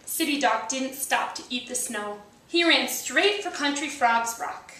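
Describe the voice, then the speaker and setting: Slow, bright-voiced woman reading a storybook. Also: high voice, animated, a little hiss or hum. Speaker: storybook reader. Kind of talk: reading a picture book aloud. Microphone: handheld camcorder. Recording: roomy, recorded from a distance.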